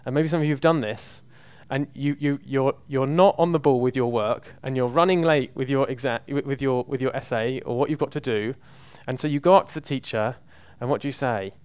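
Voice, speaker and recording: A man preaches in a conversational, emphatic style and repeats words to drive a point home. His voice is smooth and resonant, recorded close with little room sound. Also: mid-range voice, fairly quick, hardly any pauses, a little mellow, dry recording. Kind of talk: sermon.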